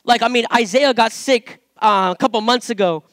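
Speaking at a moderate pace, this very high-pitched man preaches informally from scripture in a fairly bright voice, recorded at studio quality without room sound. An adult parent working as a pastor or Bible teacher, he is conversational, repeats words at times, and builds toward emphatic declarations.

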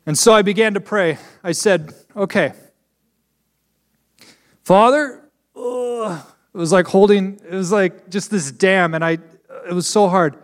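A young man with a high voice preaches in a large hall where his words ring out with a long echo. He tells a personal story in an earnest way. He sometimes laughs at himself as he talks. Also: unhurried, pauses often. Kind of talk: sermon with personal testimony.

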